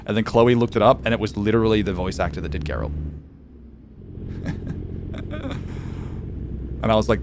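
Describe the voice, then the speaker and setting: A man's voice: fairly low pitch, very animated, moderate pace, creaky, long pauses, background noise. A man streaming a driving game, chatting casually and rambling to his chat with frequent laughs.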